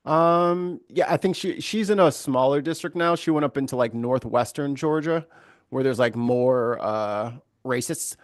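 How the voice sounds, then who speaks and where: A man's voice: medium pitch, no echo. Opinionated man chatting, dry sound. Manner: opinionated, jokey, quick to tease. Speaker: panel guest. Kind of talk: casual chat.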